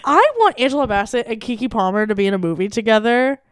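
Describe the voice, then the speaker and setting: A woman co-hosting a comedy podcast, joking and swearing freely in animated chat. Her voice is a little high and notably smooth and clear. The recording is dry and close. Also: fast talker, no echo. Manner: animated, profane, jokey. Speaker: podcast co-host.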